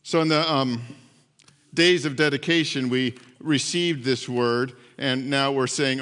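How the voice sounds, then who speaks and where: A male pastor preaching a sermon, telling a story with animated repetition and dropping to a soft hush at times. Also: mid-range voice, unhurried. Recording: long hall reverb.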